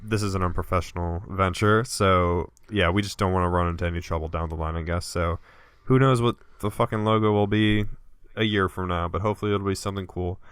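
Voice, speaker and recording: A man's voice: low-pitched, fairly even intonation, fairly quick, clean tone, dry recording. A young man co-hosting a casual podcast, chatting and reading listener mail aloud, often laughing. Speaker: podcast co-host.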